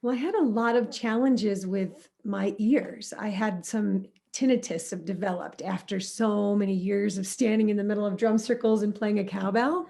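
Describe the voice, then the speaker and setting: This middle-aged woman works as a music therapist, and her interview answers come out animated and story-like, with a medium pitch and some vocal fry. She illustrates her ideas by briefly acting out what other people said.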